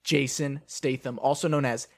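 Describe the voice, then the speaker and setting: A man with an ordinary mid-range voice co-hosts a podcast. He recaps movie plots in casual, playful chat. His storytelling is animated, with little acted-out bits along the way. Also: mid-range voice, normal speed, gravelly. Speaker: podcast co-host.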